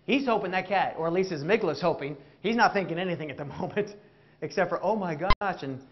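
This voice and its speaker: High-voiced man giving a jokey keynote. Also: fast talker, lo-fi sound. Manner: animated, jokey, questions the audience. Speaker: keynote speaker. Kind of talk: interactive motivational keynote. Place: stage before a live audience.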